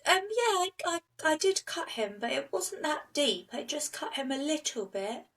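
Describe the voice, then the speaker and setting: A woman's voice: high-pitched, big pitch swings, moderate pace, fairly bright tone, far from the mic, voice pushed up, heavily acted. A woman voicing a petite young woman who talks in a small, hesitant, stammering way and stays blasé and evasive. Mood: blasé, meek.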